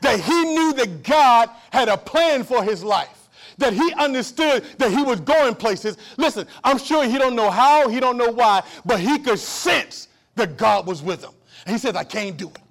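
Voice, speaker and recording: A male pastor preaching a sermon, calling out for amens and swinging from loud outbursts to low hushed asides. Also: animated, a little slow. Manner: repeats and restarts phrases, calls for amen.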